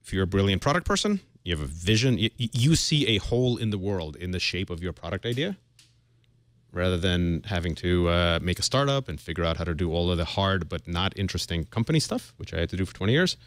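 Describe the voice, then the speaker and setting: Deep, fast-talking founder. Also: male voice, very animated, dry recording. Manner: fast, earnest, with many fillers and restarts. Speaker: guest, tech founder. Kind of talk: casual panel interview.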